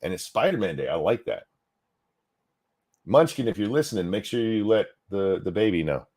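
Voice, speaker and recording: Sarcastic guy hosting a live political stream, lowish voice that swings all over. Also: normal speed. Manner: sarcastic, animated, thanks donors. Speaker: host of a political commentary stream.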